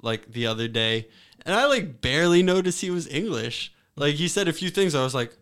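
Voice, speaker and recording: A man's voice: fairly high pitch, big pitch swings, fairly quick, a bit bright, smooth. A young man with a Boston accent, chatting casually with friends and swearing a lot. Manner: laughing, swearing storyteller. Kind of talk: casual chat among friends.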